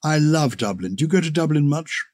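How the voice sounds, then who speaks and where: A man's voice: fairly high pitch, lively intonation, brisk, darkish tone. A man hosting a language podcast, chatting with enthusiasm and theatrical asides. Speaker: podcast host. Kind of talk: podcast chat.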